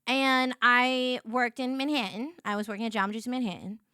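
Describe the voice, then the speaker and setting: A woman's voice: fairly quick, clean tone, dry recording, studio quality. A young adult woman streamer telling a story in rambling casual chat, full of restarts and fillers. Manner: chatty, rambling, many restarts and "like"s; animated, jumps into high voices for quotes.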